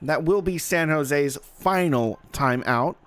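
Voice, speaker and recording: Man, play-by-play caller, folksy and jokey, fairly high voice, live sports commentary. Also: slow, a bit bright, smooth. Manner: folksy, jokey, talks to the audience.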